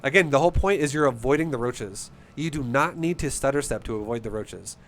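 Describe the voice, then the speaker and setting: A man's voice: medium pitch, animated, a little fast, a bit bright, a little hiss or hum. A man coaching a player through a game replay in a casual, blunt, profane and passionate way. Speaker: StarCraft coach.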